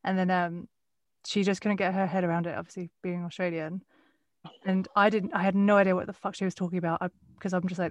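A woman's voice: on the low side, little pitch movement, fast, no room sound. A woman actor with a mild Essex accent, telling rambling anecdotes in a casual conversation. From England. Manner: chatty, rambling anecdotes, frequent restarts.

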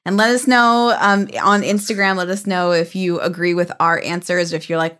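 A woman's voice: lowish voice, fairly even intonation, moderate pace, hardly any pauses, fairly bright tone, smooth. A woman hosting a podcast in casual chat, upbeat and teasing. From United States. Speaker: podcast host.

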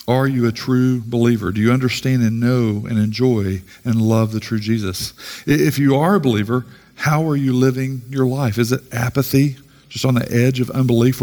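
A man's voice: mid-range voice, darkish tone, in a large hall. A man pastor giving a conversational sermon full of rhetorical questions.

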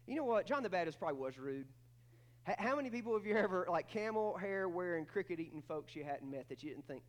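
A man preaching a sermon with emphatic swings between loud, high bursts and quiet, low stretches, often repeating words as he starts a thought. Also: animated, fast. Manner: acts out quoted voices in dialogue. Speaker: pastor.

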